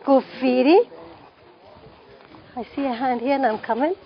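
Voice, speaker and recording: A woman's voice: sits high, unhurried, muffled recording, noisy background. A woman leading a parenting class, putting questions to the room and repeating the key phrases for emphasis. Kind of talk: classroom teaching with questions to the audience.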